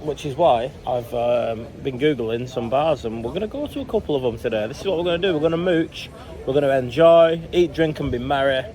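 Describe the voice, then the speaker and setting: Speaking a little fast in a mildly mellow, mid-range voice, a man vlogs casually from city streets on a trip, swearing as he chats. He holds the camera himself, and outdoor noise fills the recording.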